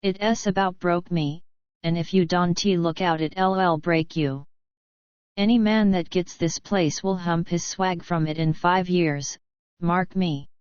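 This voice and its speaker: A woman's voice: on the low side, fairly even intonation, a little slow, a little mellow, smooth, dry recording, lo-fi sound, close to an everyday voice. A woman reading the lines of a brusque, bossy older male bush cattleman, broke and blustering, in a storybook. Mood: gruff.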